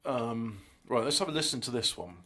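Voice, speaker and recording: A man's voice: medium pitch, lively intonation, moderate pace, very noisy. A man chatting casually while editing audio as a music producer, rambling and mocking himself as he thinks aloud. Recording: music playing loudly alongside.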